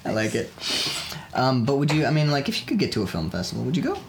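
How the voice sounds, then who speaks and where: A man's voice: medium pitch, huge pitch swings, quick pace, noisy background. A man chatting casually about his indie film, joking around, rambling and laughing often. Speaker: indie filmmaker. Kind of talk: casual chat.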